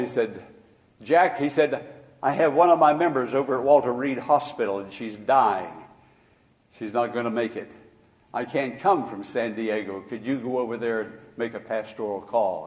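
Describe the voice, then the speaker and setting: An older man preaching a sermon as pastor, shifting from hushed storytelling to loud, emphatic exhortation. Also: lowish voice, big-room sound.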